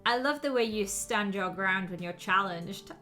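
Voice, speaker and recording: A woman's voice: medium pitch, lively intonation, moderate pace, sharp tone, faint music behind. A woman voicing a suave, flirtatious Italian businessman with a put-on fake Italian accent, read from a story game. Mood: flirty.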